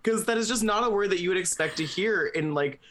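A young woman chatting casually about a book with friends, laughing often and talking animatedly. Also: fairly quick. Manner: animated, laughs often, dramatic swings in pitch. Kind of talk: casual book-club chat.

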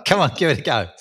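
A man's voice: fairly high pitch, a bit bright, slightly rough. An English man co-hosting a podcast, chatting wryly and teasing with frequent laughs. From England. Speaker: podcast co-host and author. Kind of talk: casual chat.

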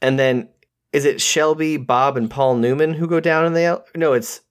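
A man co-hosting a podcast, rambling and animated as he recaps a movie in casual conversation. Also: on the high side. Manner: rambling, animated, quick to quote characters. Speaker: podcast co-host.

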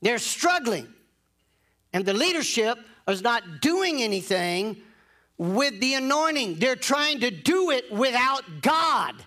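A man's voice: extremely high pitch, sing-song, slow pace, bright, forceful tone. A man preaching a sermon in an emphatic, insistent way, repeating phrases to drive points home.

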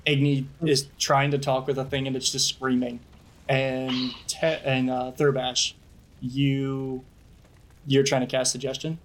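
A man's voice: mid-range voice, little pitch movement, measured pace. A man running a tabletop game as game master, narrating loosely with fillers.

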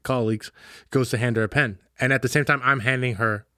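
A man's voice: medium pitch, a little fast, no echo, studio quality. A young man co-hosting a casual chat, telling stories with energy and acting out quotes, laughing along. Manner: animated storyteller, laughing, acts out quotes. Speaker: podcast co-host. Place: small room at a table.

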